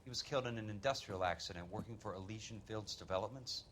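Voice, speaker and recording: An actor playing a respectful, steady 1940s insurance investigator in a game. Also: male voice, lowish voice, fast, noisy background, natural voice. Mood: earnest.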